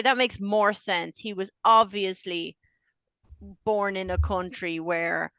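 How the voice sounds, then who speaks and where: A woman's voice: medium pitch, steady tone, slow pace, a bit bright, clean tone, dry recording, highs cut off. An Australian woman co-hosting a podcast in casual chat, joking and teasing herself and her friends. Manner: joking, teasing, self-mocking. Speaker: podcast co-host.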